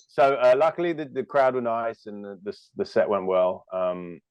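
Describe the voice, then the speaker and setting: A man's voice: medium pitch, expressive, moderate pace, few pauses, darkish tone, clear, resonant tone, dry recording. A British man in his thirties, a comedian chatting as an interview guest, rambling and self-deprecating with lots of fillers and restarts. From United Kingdom. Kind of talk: casual interview chat.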